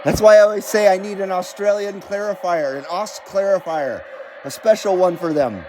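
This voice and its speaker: High-voiced American man chatting on a livestream. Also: normal speed, darkish tone, slight background noise. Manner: chatty, reads viewer comments aloud, swears casually. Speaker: CB radio livestream host. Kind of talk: casual livestream chat. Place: home radio room.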